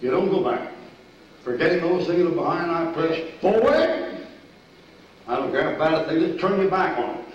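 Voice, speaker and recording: An older man preaching a sermon, telling army stories in a folksy, animated way, with sudden shouts and laughs. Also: a little high, normal speed. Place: church sanctuary. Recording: echoey distant church recording, dull and lo-fi.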